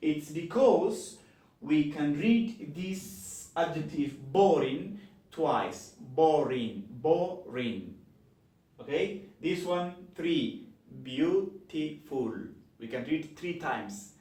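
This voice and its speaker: A man teaching an English grammar lesson, slowly spelling out words and repeating each form. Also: a little high, animated, dark tone, recorded from a distance. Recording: echoey room, from the mic.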